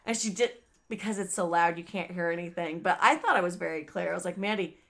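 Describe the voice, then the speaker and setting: A woman co-hosting a podcast, telling a story in casual chat, animated and swearing, acting out quoted lines loudly. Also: lowish voice, fast talker, gravelly. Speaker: podcast co-host.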